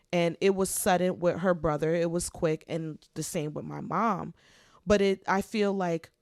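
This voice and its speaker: A woman co-hosting a podcast in heartfelt, casual chat, talking expressively and getting loud when she preaches. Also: fairly low pitch, vocal fry, no room sound, clean studio sound. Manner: expressive, preachy, animated swings in loudness. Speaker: podcast co-host.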